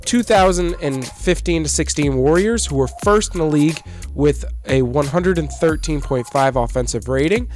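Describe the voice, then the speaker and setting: A man's voice: on the high side, normal speed, few pauses, darkish tone, faint music behind. A man co-hosting a casual sports podcast, chatty and leading the segments. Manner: chatty, leads segments, laughs often. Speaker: podcast co-host.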